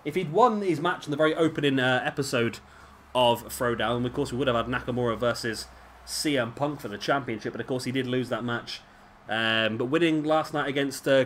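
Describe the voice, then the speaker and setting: A man talks through a wrestling video game at home in a loose, rambling commentary. His voice sits at an everyday middle pitch, and he drifts into chatty, self-mocking asides. A faint hiss of background noise runs under it. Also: a bit bright. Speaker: gameplay commentator. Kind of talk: casual let's-play commentary. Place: at home, drinking beer while recording.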